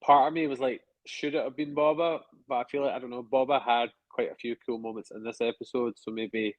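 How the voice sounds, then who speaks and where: A man's voice: mid-range voice, fairly even intonation, a little fast, no echo. A man co-hosting a casual review podcast, chatty and hedging as he thinks aloud. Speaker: podcast co-host. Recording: dull lo-fi dry sound.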